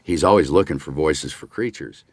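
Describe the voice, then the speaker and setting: A man's voice: extremely low pitch, moderate pace, no room sound, clean studio sound. An older man, a voice actor, telling an anecdote in a casual interview and acting out the lines he quotes. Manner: animated, acts out quoted dialogue. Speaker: voice actor guest.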